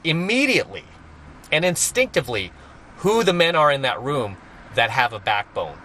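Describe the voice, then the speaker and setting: Blunt, bright-voiced man lecturing. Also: mid-range voice, sing-song, moderate pace. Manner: blunt, emphatic, repeats points for stress. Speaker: dating coach. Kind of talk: opinionated monologue to viewers.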